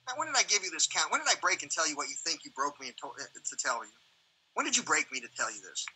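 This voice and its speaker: Animated, profane high-voiced man. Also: rapid-fire, slightly rough, low-quality recording. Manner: profane, animated, acts out quoted exchanges. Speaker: livestream host. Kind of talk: casual rambling chat.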